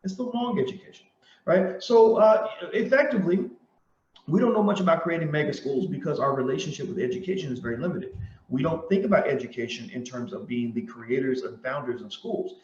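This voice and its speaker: A man with a high-pitched voice delivers a passionate commentary, pressing his points again and again and acting out the conversations he retells. The sound is roomy and dull, like a lo-fi recording in an echoey room. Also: a little fast, a little mellow, slight background noise. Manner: emphatic, repeats points, tells stories with quoted dialogue. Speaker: host and commentator. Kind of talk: impassioned commentary monologue.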